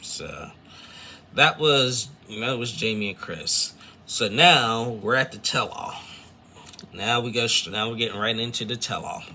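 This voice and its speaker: A man's voice: medium pitch, unhurried, sharp tone, a little hiss or hum. A man casually recapping a reality show episode, rambling with lots of fillers and retold quotes. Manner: rambling, filler-heavy, retells scenes with quotes.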